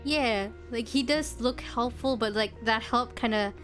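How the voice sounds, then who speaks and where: High-voiced woman streamer reading game text. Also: measured pace. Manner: expressive narration broken by giggly asides. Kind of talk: reading a visual novel aloud while playing. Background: game music.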